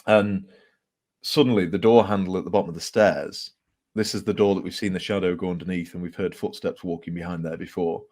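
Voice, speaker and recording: Here a man from England, an author, relates ghost stories in an easygoing interview. His voice is deep and a little fast, and he tells the tales with animation, laughs, and fillers.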